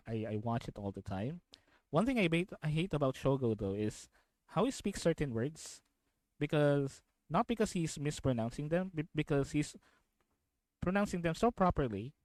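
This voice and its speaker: A man's voice: fairly high pitch, no echo, low-quality recording. A young man from the Philippines streaming from home, chatting casually and rambling as he reacts to videos, repeating himself and laughing often.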